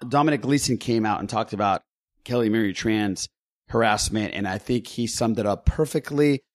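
A man's voice: fairly low pitch, moderate pace. A man hosting a casual podcast chat, who jokes around and steers the conversation. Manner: teasing, jokey, steers the talk. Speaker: podcast host.

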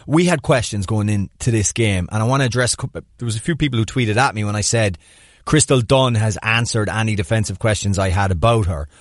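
A man co-hosting a podcast, chatting casually and breaking down plays in animated detail. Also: fairly low pitch, brisk, dry recording, clean studio sound. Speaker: podcast co-host. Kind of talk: casual sports analysis chat.

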